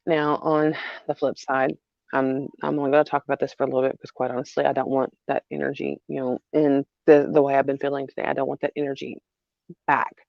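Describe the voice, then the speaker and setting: A mother talking through a hard personal story in a halting way, repeating herself with many fillers. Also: extremely low pitch, little pitch movement, creaky, no echo, highs cut off. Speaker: mother vlogger. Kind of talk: emotional personal vlog.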